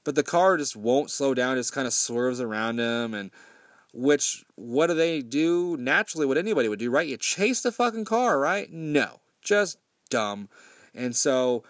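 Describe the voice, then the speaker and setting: A man's voice: mid-range voice, animated, measured pace, no room sound, studio quality. A man casually recapping a horror film with sarcasm and frequent swearing, briefly mimicking the characters' lines. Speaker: movie reviewer. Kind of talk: casual profane movie recap.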